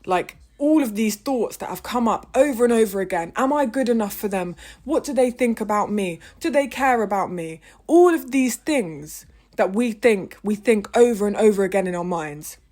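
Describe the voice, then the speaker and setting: A woman's voice: animated, normal speed. A woman, talking frustratedly and emphatically in a heated personal monologue and swearing often. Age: 20s. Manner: impassioned, with big swings in pitch and loudness. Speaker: vlogger.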